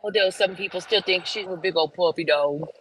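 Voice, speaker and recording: A woman's voice: lowish voice, brisk, a bit bright, a little hiss or hum, poor audio. A woman host on a phone livestream, sitting in her car, ranting bluntly and profanely. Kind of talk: casual livestream rant. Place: in a parked car in a school pickup line.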